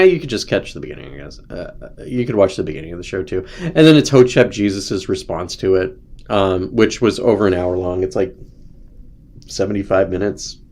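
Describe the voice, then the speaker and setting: A man's voice: deep voice, darkish tone. A young man hosting a casual livestream, rambling through commentary with sarcasm and mocking put-on voices. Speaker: host.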